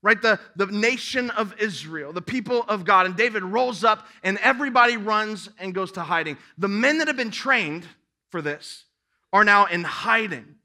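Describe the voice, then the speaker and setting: A pastor with a high-pitched, bright, forceful voice preaches a sermon, reading scripture aloud and breaking off to exhort listeners with rising emphasis.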